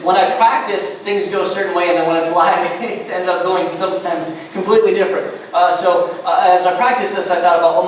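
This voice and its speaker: Guy preaching a sermon, lively, acts out voices, echoey church from far off with faint room noise. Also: high voice. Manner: animated, acts out voices in scenes. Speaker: pastor. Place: church sanctuary.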